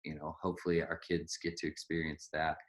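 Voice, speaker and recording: A man hosting a podcast in a casual conversation, reflective, often slipping into high-pitched quoted voices. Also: completely flat delivery, fairly quick. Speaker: podcast host.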